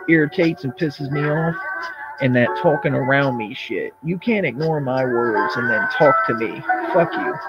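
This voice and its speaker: A man on a casual livestream, speaking directly to his chat in a confrontational, profanity-laced rant. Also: medium pitch. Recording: dull lo-fi audio with loud music. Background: loud music.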